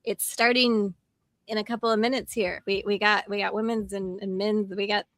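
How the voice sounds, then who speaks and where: Bright, chatty woman host, dry sound. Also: medium pitch, fairly even intonation, no echo. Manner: chatty, quick asides and laughs. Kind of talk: casual chat.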